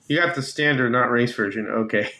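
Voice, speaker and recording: A man's voice: medium pitch, normal speed, bright, forceful tone. A man hosting a casual livestream, chatting with viewers and reading their comments, laughing often and trailing off mid-thought. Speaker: livestream host. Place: home slot car track room.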